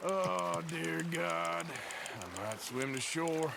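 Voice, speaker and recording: A weary, sardonic outlaw dropping dry remarks in a slow, unhurried drawl. His voice sits a little high for a man. The game audio has loud background noise. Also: sing-song, gravelly, full character voice.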